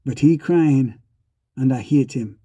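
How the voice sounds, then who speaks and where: A man's voice: medium pitch, takes it slowly, dark tone, no room sound. A man narrating an audiobook in first person, with a rhythmic, repeating delivery. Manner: rhythmic, repeating sound words.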